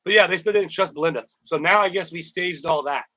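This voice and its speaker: A man's voice: fairly high pitch, fast talker, pushed and bright, no room sound, low-quality recording. A man hosting a casual live stream, rambling, repeating words and thanking viewers by name. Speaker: YouTuber live-stream host.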